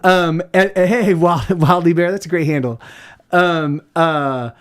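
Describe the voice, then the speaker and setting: A man's voice: on the high side, steady tone, a little slow, fairly bright tone, clear, resonant tone. A man chatting casually on his livestream as a musician, rambling and swearing with many restarts. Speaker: musician streamer.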